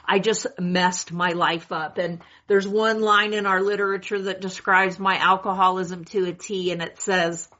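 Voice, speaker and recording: A woman's voice: mid-range voice, steady tone, moderate pace, fairly bright tone. A woman in her sixties from California, sharing her story at a recovery meeting in a wry, self-mocking way. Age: 60s. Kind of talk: candid personal share at a meeting. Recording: dull lo-fi meeting recording.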